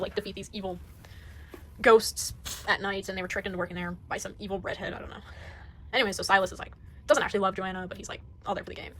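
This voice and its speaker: A woman's voice: mid-range voice, a bit bright, slight background noise, rough recording. A woman giving a casual tour of her sketchbook, gushing and rambling, often trailing off into mumbles. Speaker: artist showing her sketchbook.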